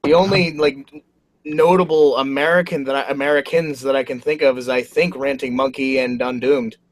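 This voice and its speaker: A man's voice: mid-range voice, steady tone, normal speed. A man chatting on a group livestream, teasing the others and laughing easily. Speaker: livestream guest. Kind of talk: casual group livestream chat.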